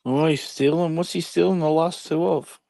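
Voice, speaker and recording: Guy with a gravelly voice, a bit high, teasing friends. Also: steady tone, normal speed, dark tone. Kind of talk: casual chat.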